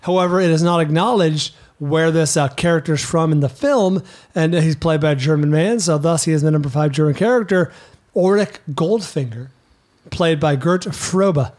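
Male podcast co-host, higher voice, loose, playful, rambling. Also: normal speed, darkish tone. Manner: playful, rambling list talk with restarts. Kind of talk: casual film podcast chat.

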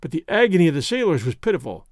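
A man reads an adventure novel aloud in a steady, measured storytelling voice. His pitch is high for a man. The recording is dry and close, with no room sound. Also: no echo. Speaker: narrator. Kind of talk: audiobook narration.

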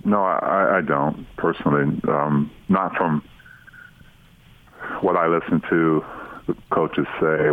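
Very deep-voiced man on sports radio. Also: dry recording, phone-quality sound. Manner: relaxed, thoughtful, halting answers. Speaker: basketball broadcaster and guest. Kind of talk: casual radio interview.

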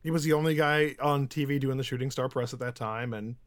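A man with a Chicago accent co-hosting a casual podcast, chatty and quick to laugh. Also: medium pitch. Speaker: podcast co-host and editor. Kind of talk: casual chat.

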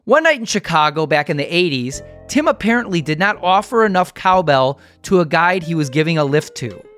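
A man's voice: fairly high pitch, expressive, a little fast, fairly bright tone, soft background music. A man reading upbeat scripted introductions as the show's host. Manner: crisp, upbeat segment links. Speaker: podcast host.

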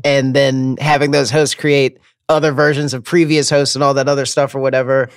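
A man's voice: medium pitch, little pitch movement, fairly quick, clean tone, dry recording, studio quality. A man co-hosting a podcast, talking loosely with lots of fillers. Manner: loose, filler-heavy rambling. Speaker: podcast co-host. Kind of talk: casual chat.

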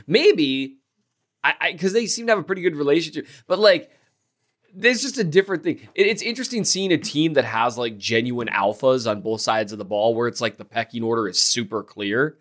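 A man with a mid-range voice speaking on a sports podcast. He rambles quickly through his points, leaning on fillers as he thinks aloud. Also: mid-range voice, a bit bright. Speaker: podcast co-host. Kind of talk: casual sports chat.

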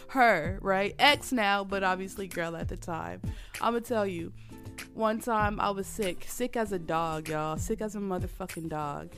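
A woman's voice: mid-range voice, measured pace, a bit bright, soft background music. A woman hosting a casual solo podcast while sick and coughing, candid and rambling, laughing often and calling her listeners y'all. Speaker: podcast host.

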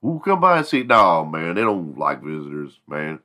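A man voicing a bragging redneck teenage boy who drawls out tall tales in a fast, boastful patter. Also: low-pitched, big pitch swings, bright, forceful tone, exaggerated voice. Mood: evasive.

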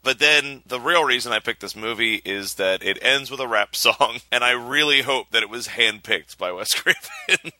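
A man with a hoarse, strained voice runs a loose movie chat. His tone is sharp and bright, and the recording is dry and close. He rambles between points. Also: medium pitch, normal speed, few pauses, dry recording. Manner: laughs often, rambling. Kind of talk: casual movie discussion.

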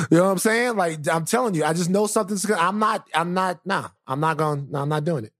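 A man co-hosting a podcast in a casual comedic chat, telling lively stories and acting out voices. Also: fairly high pitch, fast, few pauses, dry recording, studio quality. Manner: animated storyteller, acts out voices. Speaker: podcast co-host.

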